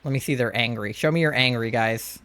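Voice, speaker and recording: A young man streaming a game live, gushing excitedly and cooing over cute creatures in casual commentary. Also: mid-range voice, brisk, noisy background.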